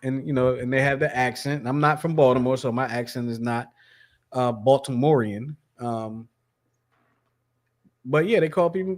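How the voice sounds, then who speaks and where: A man's voice: medium pitch, normal speed, pauses often. A man hosting a sports podcast in a loose, chatty way, with lots of fillers and restarts. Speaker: podcast host. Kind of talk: casual sports chat.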